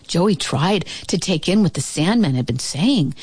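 A woman narrating a children's storybook aloud, expressive with dramatic pauses. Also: fairly low pitch, breathy edge, dry recording.

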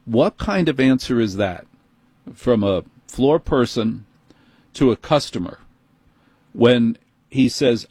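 A man with a New York accent hosting a call-in radio show, telling a story in an animated, indignant way. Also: medium pitch, slow pace, pauses often, slightly rough, dry recording. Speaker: radio talk show host. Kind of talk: call-in talk radio monologue. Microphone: studio microphone.

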